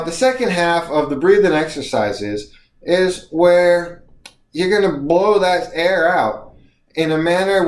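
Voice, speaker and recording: Encouraging man coaching breathing, echoey room. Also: fairly high pitch. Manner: encouraging, guides breathing exercises. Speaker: speaking coach. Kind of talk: instructional video lesson.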